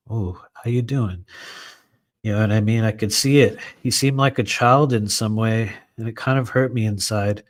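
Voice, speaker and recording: A man's voice: on the low side, no echo. A man reading his own book aloud in a live session, breaking off for conversational, digressive asides full of "you know.".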